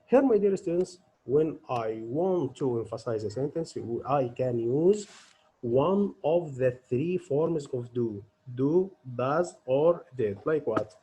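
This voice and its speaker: A male English teacher working through a grammar exercise at an unhurried, careful pace. His voice has a husky edge. He keeps putting questions to his students and then answering them himself. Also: mid-range voice, expressive, dark tone, rough recording.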